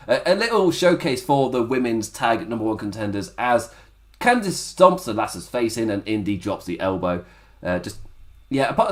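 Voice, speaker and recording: A man hosting a wrestling review podcast, talking casually in a rambling way, laughing often and dropping into mock voices. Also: mid-range voice. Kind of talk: casual solo review commentary.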